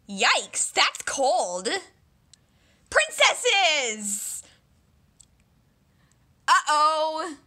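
A woman's voice: sits high, wildly swooping pitch, extremely slow, pauses often, pushed and bright. A woman doing a comedic parody dub of a dragon story, voicing every character herself with silly voices, shrieks and mutters. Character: cast of young dragons in a parody. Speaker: solo fan dubber voicing every character.

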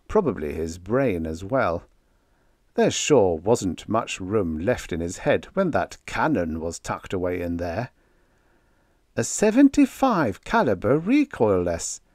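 A man reads a first-person science fiction story aloud in a fairly low voice that moves lively through its lines. His telling is dry and wry. The recording is close and dry, with no room sound. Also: no room sound. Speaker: audiobook narrator.

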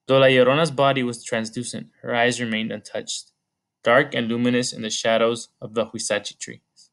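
A man narrating an audiobook chapter in a measured storytelling manner. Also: mid-range voice, little pitch movement, vocal fry, a bit bright. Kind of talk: scripted narration.

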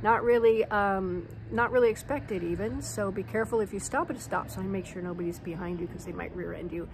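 A woman's voice: medium pitch, fairly quick, background noise. Chatty American woman vlogging at home. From United States. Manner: chatty storyteller, animated anecdotes with fillers. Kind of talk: casual vlog chat. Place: home terrace in a hill town.

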